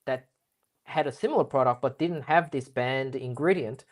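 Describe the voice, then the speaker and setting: A man's voice: mid-range voice, normal speed. A man speaking as a guest in a casual business interview, explaining things at length with lots of fillers and restarts. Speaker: guest expert.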